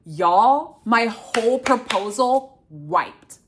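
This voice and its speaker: A young woman in her twenties tells a casual storytime to camera, fairly high-pitched and expressive. She swears freely and jumps into her own panicked inner voice as she talks. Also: drawn-out words, slight background noise. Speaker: grad student storyteller.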